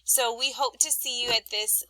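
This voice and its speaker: A woman teacher giving a recorded lesson to children, explaining things clearly and reading examples aloud with expression. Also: fairly high pitch, steady tone, normal speed, bright, forceful tone, no echo, low-quality recording.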